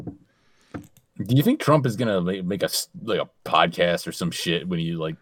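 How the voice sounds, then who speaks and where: A man hosting a casual comedy podcast, talking in halting bursts and steering the chat. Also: sits low, animated, noisy background. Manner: halting, lots of restarts and laughs. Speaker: podcast host.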